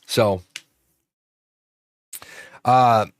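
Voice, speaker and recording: A man's voice: medium pitch, steady tone, very slow, no echo, clean studio sound. A man hosting a livestream, telling a rambling, profane story with many restarts. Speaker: host. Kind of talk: casual livestream chat.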